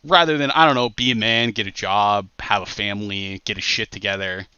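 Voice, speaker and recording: Man, podcast host, profane mocking rant, sharp forceful voice, dry dull-sounding recording. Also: on the low side, steady tone, fairly quick, clean tone, dry recording. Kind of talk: ranting podcast talk.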